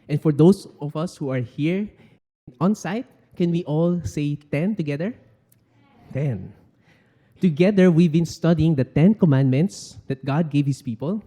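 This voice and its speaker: A man with a Filipino accent preaching a sermon in a church hall, animated and acting out everyday exclamations. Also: fairly high pitch, measured pace. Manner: animated, switching between English and Tagalog, acting out exclamations. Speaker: pastor.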